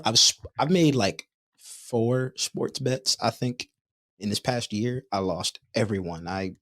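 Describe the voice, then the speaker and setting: A man's voice: lowish voice, fairly bright tone. A man co-hosting a podcast, telling jokey stories in casual chat. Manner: joking, storytelling with acted quotes. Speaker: podcast co-host.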